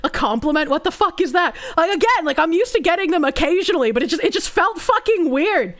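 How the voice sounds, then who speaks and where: A woman's voice: extremely high pitch, lively intonation, quick pace, a bit bright. A woman streamer telling a story in casual chat, rambling, swearing freely and filling her sentences with "like". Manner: rambling and profane, full of fillers like "like".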